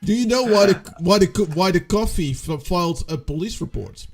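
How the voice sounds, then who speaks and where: High-voiced man stumbling through puns. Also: animated, faint music behind. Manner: halting, stumbles over his words. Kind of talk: casual pun-telling banter.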